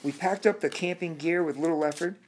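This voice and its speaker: A man narrating his own book in a measured reading voice with occasional restarts. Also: a little high, breathy edge. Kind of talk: audiobook narration.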